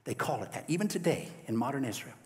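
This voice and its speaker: A male preacher telling a Bible story in a sermon, lively and folksy, often asking the congregation questions. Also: mid-range voice, fast, big-room sound. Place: church sanctuary.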